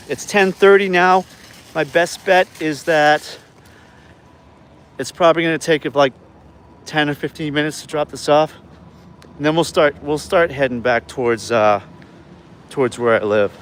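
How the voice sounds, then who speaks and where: A man's voice: a little high, moderate pace, long pauses, a bit bright. A man from New York livestreaming as a delivery driver, chatting loosely with viewers from his car and a store on a phone camera. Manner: chatty, rambling, talks to chat viewers. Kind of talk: casual livestream chat.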